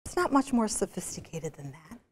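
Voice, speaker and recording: A woman's voice: mid-range voice, very animated, fairly quick, a little hiss or hum. A woman giving a university business lecture, telling stories with energy and throwing rhetorical questions at the audience. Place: large lecture hall. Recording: long reverb of a lecture hall.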